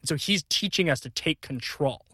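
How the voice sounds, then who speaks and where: A man co-hosts an improvised comedy podcast in an excitable, rambling way, laughing through his lines. His voice is bright and a little high. The recording is close and dry. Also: moderate pace, breathy edge, no echo. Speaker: podcast co-host.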